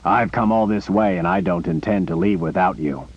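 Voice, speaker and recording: Brief: man voicing a big, teasing boundary warden, low husky voice, lo-fi audiobook sound. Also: normal speed. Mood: steady. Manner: dry, teasing. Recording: muffled lo-fi recording.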